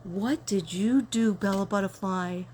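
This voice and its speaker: An older woman chatting casually to her viewers while unboxing gifts, excitable and quick to gasp with delight. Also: mid-range voice, slight background noise. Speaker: tarot reader and vlogger.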